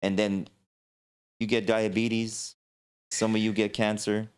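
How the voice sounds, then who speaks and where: A man's voice: lowish voice, flat delivery, takes it slowly, clear, resonant tone. A man hosting a livestream talk show, ranting with passion and filling his talk with "you know.".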